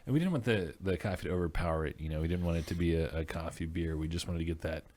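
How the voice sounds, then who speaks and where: A man chatting casually as a guest brewer, telling relaxed stories with plenty of "um"s. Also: sits low, rapid-fire. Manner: relaxed storyteller, many "um"s. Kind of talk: casual chat.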